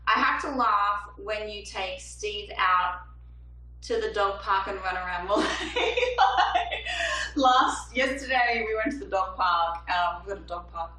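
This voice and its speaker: A woman's voice: medium pitch, pushed and bright, far from the mic. A woman in her thirties, a singer-songwriter chatting on a livestream from her small apartment in a bubbly, chatty way as she reads viewer comments aloud. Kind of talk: casual livestream chat. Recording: roomy, off-mic home stream with faint hum.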